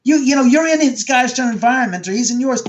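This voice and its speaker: In animated interview talk, a haunted house owner appears as a guest, speaking bluntly with plenty of swearing and acting out quotes as he tells his stories. His extremely high voice is expressive and fast, though the recording is muffled.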